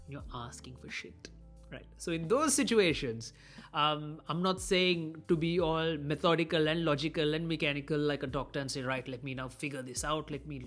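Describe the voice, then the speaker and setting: A man gives communication advice in a relaxed, conversational way. He slips into the voices of the people he quotes. Soft music plays faintly behind him. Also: fairly high pitch. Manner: conversational, acts out quoted dialogue. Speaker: communication trainer. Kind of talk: casual motivational talk.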